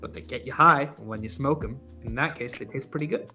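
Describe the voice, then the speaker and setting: A man's voice: mid-range voice, fairly quick, pushed and bright, soft background music. A man co-hosting a casual talk show, joking and laughing often as he reacts to comments. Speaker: co-host. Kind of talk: casual podcast chat.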